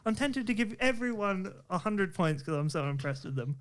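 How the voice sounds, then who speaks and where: A man hosting a playful podcast game, upbeat and quick to laugh and praise the players. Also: sits high, expressive, a bit bright. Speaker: game show host.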